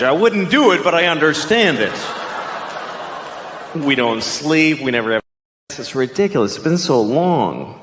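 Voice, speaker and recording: Ranting stand-up comedian, lively pitch. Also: male voice, measured pace, roomy sound, big-room sound. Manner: ranting, profane, jumps into shrill yelling bits. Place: comedy club stage. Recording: live set with clear audience noise.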